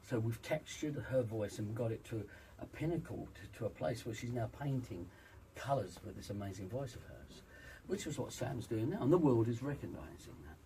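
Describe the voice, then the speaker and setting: A man coaching voice in an interview, emphatic and persuasive, his pitch swinging lively up and down. He sits a little away from the microphone, with faint background noise behind him. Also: normal speed, far from the mic, rough recording. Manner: emphatic, demonstrates vocal sounds. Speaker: vocal coach. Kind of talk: interview, teaching voice exercises.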